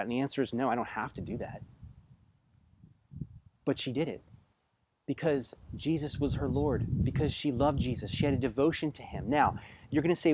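A pastor preaches conversationally, putting direct questions to his listeners and swinging between hushed passages and loud, emphatic bursts. He speaks fairly quickly at medium pitch.

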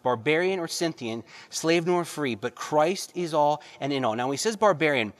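A pastor preaching a sermon, reading verses and pressing the congregation with rhetorical questions and repeated phrases. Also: male voice, medium pitch.

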